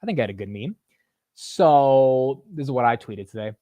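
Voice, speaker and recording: A man hosting a market show, reacting to news clips in casual commentary. He is excitable and slangy and swears freely. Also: mid-range voice, moderate pace, dry recording.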